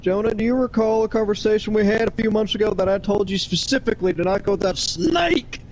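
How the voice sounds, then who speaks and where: A man's voice: high voice, quick pace, a little hiss or hum, close to an everyday voice. A man playing a folksy older mentor who calls the host son and scolds him over the phone. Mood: scolding. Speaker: friend on phone call.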